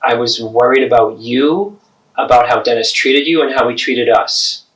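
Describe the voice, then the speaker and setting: A man's voice: medium pitch, fairly bright tone. Earnest man in a therapy role-play. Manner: earnest, pleading, measured. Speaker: therapist and video host.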